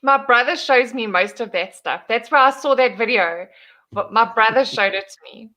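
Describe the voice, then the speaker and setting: A woman hosts a casual livestream chat. Her voice is bright and fairly high, and she teases and giggles often. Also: moderate pace. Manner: giggly, teasing, laughs often. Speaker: streamer host.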